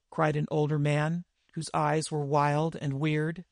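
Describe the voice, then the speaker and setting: A man narrating a dramatic adventure story in a measured, deliberate reading style. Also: fairly high pitch, level tone, gravelly, no echo, studio quality. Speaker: audiobook narrator.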